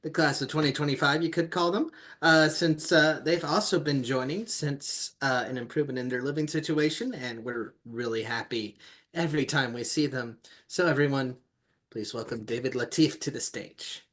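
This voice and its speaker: A man's voice: mid-range voice, moderate pace, a bit bright. A man hosting an online open mic over a video call, easygoing with many fillers. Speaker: host.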